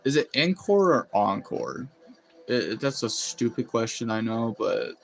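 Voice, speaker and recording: A man's voice: mid-range voice, lively intonation, unhurried, vocal fry. A man chatting casually on a live stream, rambling and laughing often as he reacts to chat. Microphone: phone.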